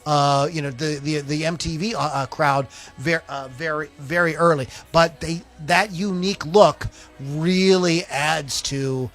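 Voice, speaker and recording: A man's voice: a little high, steady tone, a little slow, a bit bright, soft background music. Rambling, teasing male podcast host. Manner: rambling and teasing, with many fillers. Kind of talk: casual podcast chat.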